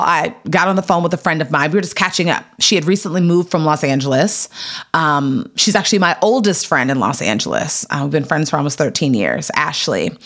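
Animated woman telling a candid story. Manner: animated, acts out quoted voices with big pitch jumps; casual, filler-heavy, laughs between lines. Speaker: actor interviewed as a guest.

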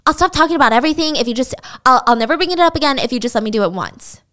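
A woman's voice: high voice, lively intonation, rapid-fire, a bit bright. A woman voicing a coaxing, controlling man. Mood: pleading. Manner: coaxing, falsely soothing. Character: controlling manipulative man, boyfriend.

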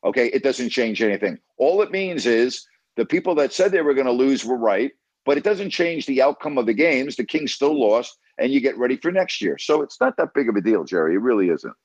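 A man's voice: mid-range voice, very animated, fairly quick, breathy edge, dry recording, poor audio. A man hosting a call-in sports radio show, blunt and emphatic, who keeps repeating himself to press his point.

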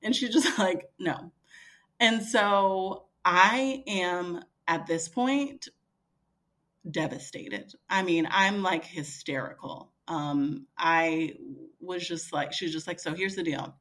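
Speaking slowly in a fairly low voice, this podcast guest, a woman in her thirties, relates a story in a casual, animated way. She quotes other people in dialogue and fills her speech with frequent fillers.

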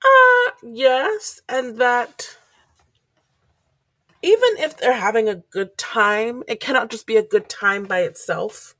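A woman's voice: fairly high pitch, animated, takes it slowly, a bit bright, no room sound. Wry woman co-host, dry sound. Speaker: podcast co-host. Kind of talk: casual chat.

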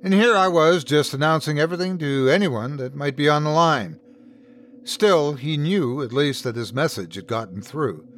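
A man hosting and narrating a scripted horror story in the first person, with lively shifts in tone. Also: fairly high pitch, normal speed, a little hiss or hum. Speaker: host and narrator.

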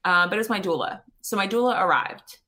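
A woman guest on an interview show, telling her own story in a lively, chatty way with lots of "you know" and "like". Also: medium pitch, fast talker. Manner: lively retelling with many "you know" and "like" fillers. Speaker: podcast guest. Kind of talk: personal storytelling.

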